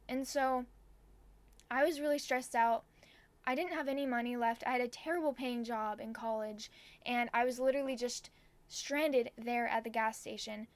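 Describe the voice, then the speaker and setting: A woman's voice: fairly high pitch, fairly even intonation, moderate pace, no echo. Chatty young woman telling a story. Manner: chatty, heavy use of "like". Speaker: vlogger. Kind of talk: storytime vlog.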